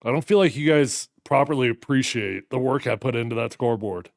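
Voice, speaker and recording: A man in his thirties hosting a live watch party, reacting to a football game with animated, fired-up commentary. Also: mid-range voice, fairly quick, gravelly, no room sound, clean studio sound. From United States.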